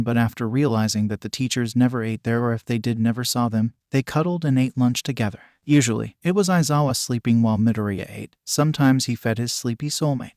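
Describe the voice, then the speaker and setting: A man narrating fan fiction in a steady, even reading voice. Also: medium pitch, no echo, clean studio sound.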